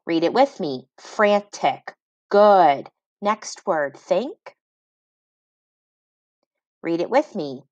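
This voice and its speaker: Slow, patient woman teaching phonics. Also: fairly low pitch, sing-song, darkish tone, no room sound, dull audio. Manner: slow, sounds words out syllable by syllable, encouraging. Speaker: reading teacher. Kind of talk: phonics lesson for children.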